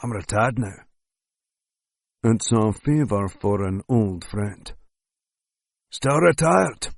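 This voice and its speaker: A man's voice: on the low side, lively intonation, slow pace, creaky, no room sound, heavily acted. A man voicing a wary retired male hitman with a clipped, sardonic way of talking. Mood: guarded. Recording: dry close studio sound.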